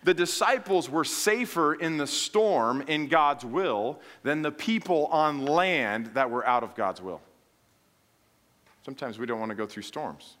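A man with a slightly higher-than-usual voice delivers a casual, conversational sermon. He tells stories in a folksy way, slips in humorous asides, and acts out quoted lines as he retells them. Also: measured pace, a bit bright. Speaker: preacher.

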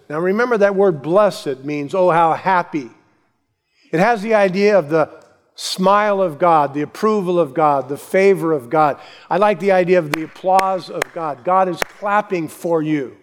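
A male pastor preaching a sermon, building to emphatic lines and then dropping to soft asides. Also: high-pitched. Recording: long hall reverb.

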